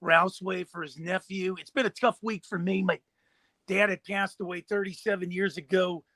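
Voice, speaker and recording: Co-host dude with a high sharp voice, colorful storyteller, dry sound. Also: male voice, steady tone, moderate pace, no echo. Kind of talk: casual sports talk.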